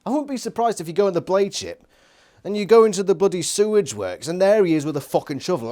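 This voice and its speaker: A man's voice: high voice, lively intonation, quick pace, mellow. A man giving an exasperated, sweary, sarcastic book review rant. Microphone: phone nearby.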